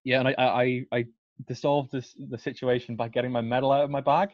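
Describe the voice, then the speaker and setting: A man's voice: mid-range voice, flat delivery, fast, no room sound. A young man, a podcast guest telling a story in casual, self-deprecating chat. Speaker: guest cyclist. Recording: dry, slightly dull audio.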